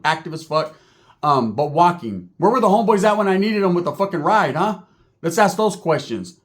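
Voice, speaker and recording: A man telling a comic story from his own life in profane, streetwise talk, checking in with "right?" again and again. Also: on the high side.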